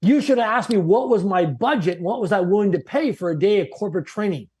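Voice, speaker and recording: A man puts on a blunt male executive mentor with a heavy smoking habit. He lectures directly and without softening, in a voice raised noticeably higher than the teller's own, a little louder too. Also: animated, quick pace, breathy edge. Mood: blunt coaching.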